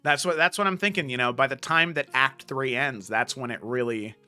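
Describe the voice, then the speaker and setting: A man who runs a tabletop game, chatting as a guest in a relaxed, laughing way and often repeating himself. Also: medium pitch, fairly quick, clean tone. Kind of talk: casual chat.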